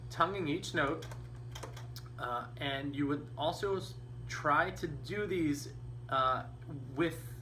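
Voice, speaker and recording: A man's voice: on the high side, a bit bright. Patient man teaching beginner band. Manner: patient, encouraging, counting beats aloud. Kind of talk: instrumental lesson. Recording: distant mic with faint noise.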